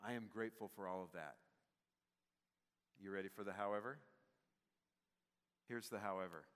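A man's voice: lowish voice, normal speed, a bit bright, smooth. A man preaching a sermon as pastor, conversational with many fillers, building to emphatic peaks. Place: church sanctuary. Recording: long hall reverb, church sanctuary.

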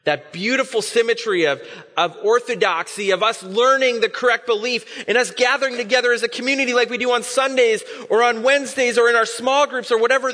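A man's voice: very high-pitched, pushed and bright, long reverb tail. A man preaching as a pastor, telling a story in a conversational way with casual asides. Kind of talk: sermon.

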